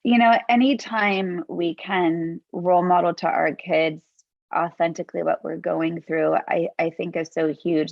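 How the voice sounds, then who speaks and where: A woman's voice: on the low side, dry recording, muffled recording. A woman in her forties hosting a podcast, talking about parenting in an open, reflective and earnest way from her home office. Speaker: podcast host. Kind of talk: conversational interview.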